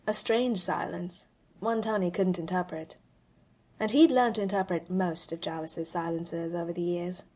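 Expressive woman reading a story. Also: lowish voice. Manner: expressive, with dramatic pauses. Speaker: fanfiction reader. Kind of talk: story narration.

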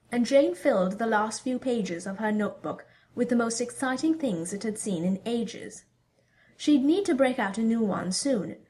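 A woman narrating a fan-fiction story as an audiobook reader, in an even storytelling manner. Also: on the high side.

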